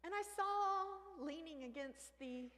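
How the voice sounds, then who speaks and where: A woman telling a comic story on stage, animated, with sudden shrieks and hushed asides. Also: very high voice, a little slow. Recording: reverberant hall with faint ambience.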